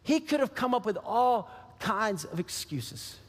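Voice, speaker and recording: A man's voice: high voice, sing-song, unhurried. A man preaching a sermon as pastor, emphatic and repeating his key phrases. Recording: long hall reverb.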